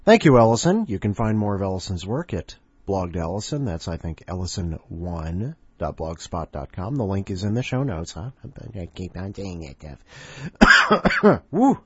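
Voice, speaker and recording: A man hosts a podcast in casual, rambling chat, cracking jokes as he goes. His voice is low and husky, and he speaks slowly. The recording is dry and dull, with a lo-fi sound. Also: big pitch swings, fairly bright tone, no room sound. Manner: joking, rambling. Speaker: podcast host.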